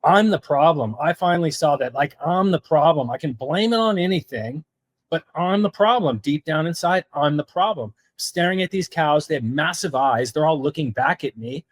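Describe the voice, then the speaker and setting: A man's voice: on the high side, lively intonation, normal speed, dry recording. Earnest man telling his story, dry close sound. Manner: earnest, heavy use of "like" fillers. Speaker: podcast guest. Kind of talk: recounting a personal story.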